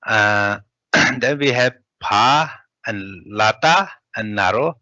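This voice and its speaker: A man teaching a language class, spelling out syllables one at a time in a slow, halting way. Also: mid-range voice, lively intonation, sharp tone, no room sound. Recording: dull lo-fi sound.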